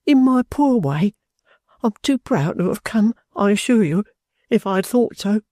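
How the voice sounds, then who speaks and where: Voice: mid-range voice, animated, a little slow, dark tone, no room sound, studio quality, pitched above the performer's own voice, natural voice. A reader voicing a humble, earnest young man who stammers and keeps saying "sir" in a storybook reading. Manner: stammering, deferential, many "sir"s.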